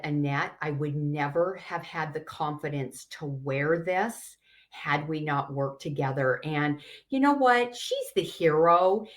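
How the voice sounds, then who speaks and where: A middle-aged woman style coach teaching a class in an earnest, encouraging way, acting out little quoted asides. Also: sits low.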